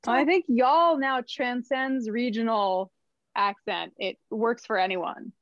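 A woman from New Jersey, a songwriter guest on a podcast, talking in a thoughtful, halting and wryly playful way. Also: a little high, dry recording. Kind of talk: casual interview chat. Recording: dull lo-fi mic.

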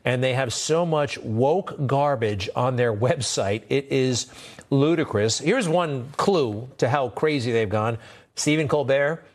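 A man's voice: medium pitch, slow pace. A man hosting a cable news show, talking in a sarcastic, indignant and conversational way. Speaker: TV news host. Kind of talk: opinionated cable news commentary.

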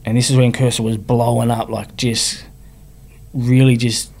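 Gravelly Australian man telling his story. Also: medium pitch, flat delivery, a little slow, darkish tone. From Sydney, Australia. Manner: frank, slangy, often adds "you know what I mean". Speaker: guest, rapper. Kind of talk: candid personal storytelling.

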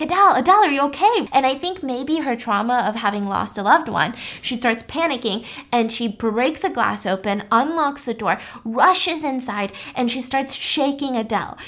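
A woman hosting a podcast, recapping a story in a casual, animated, chatty way. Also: fairly high pitch, moderate pace, few pauses. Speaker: podcast host.

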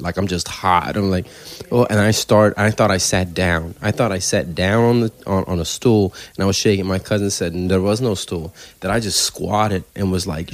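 A man, a stand-up comedian telling stories on a podcast in a casual, animated way, swearing freely. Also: low-pitched. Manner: animated storyteller, swears freely, acts out quoted voices.

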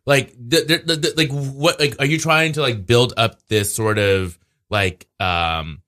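A man's voice: mid-range voice, unhurried, pushed and bright. A man hosting a casual chat show, talking in a rambling, hesitant way with many fillers. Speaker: podcast host.

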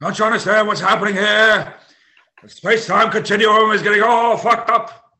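A man doing an impression of a frantic older scientist, shouting in alarm. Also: high-pitched, fairly even intonation, normal speed, pitched above the performer's own voice. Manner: loud, urgent, wild-eyed shouting. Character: frantic older male time-travel scientist.

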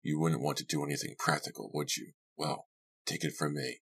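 A man doing a gruff, grumbling older lodge owner. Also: fairly even intonation, fairly quick, fairly bright tone, exaggerated voice. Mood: scoffing. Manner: low, muttered, grumbling.

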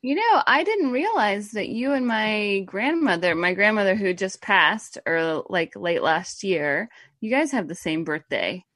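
A woman's voice: medium pitch, very animated, unhurried, a bit bright, no echo, studio quality. A woman co-hosting a podcast over a remote call, chatting in a bubbly, teasing way. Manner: bubbly, teasing, laughs easily. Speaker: podcast co-host. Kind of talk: casual chat. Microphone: remote call mic.

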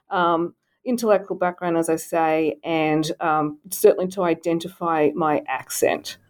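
A woman's voice: fairly low pitch, a little mellow. Podcast guest: middle-aged woman, faint Australian accent, thoughtful, fillers. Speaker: guest author, professor. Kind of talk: podcast interview.

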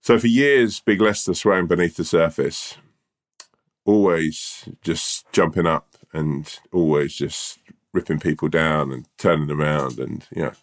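A man's voice: very deep voice, a little slow. A man co-hosting a podcast, telling a rambling, slangy tall tale in a laid-back, swearing way. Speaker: podcast co-host.

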